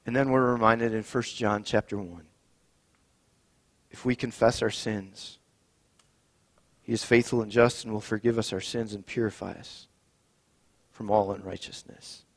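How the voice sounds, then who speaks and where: A man leading a communion service as pastor, reading Scripture and praying in a measured, solemn way. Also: on the low side, steady tone. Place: church sanctuary. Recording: long reverb in a church.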